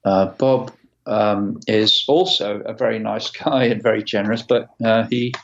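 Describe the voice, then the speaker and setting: A man in his sixties, a guitarist as an interview guest, telling stories in a halting way with many restarts. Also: fairly low pitch, fairly even intonation, vocal fry, muffled recording. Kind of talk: casual interview storytelling.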